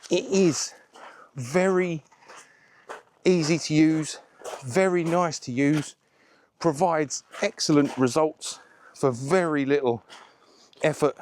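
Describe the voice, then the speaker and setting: A man chatting to camera while washing a car, relaxed and a little out of breath. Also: a little high. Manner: chatty, slow and unhurried, self-deprecating. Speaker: car detailing vlogger.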